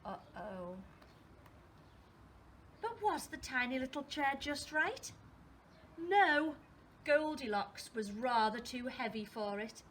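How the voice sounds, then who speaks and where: A woman teacher reading a storybook to young children, expressive and asking them questions as she goes. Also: sits high, normal speed, hardly any pauses, a little hiss or hum. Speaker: primary school teacher.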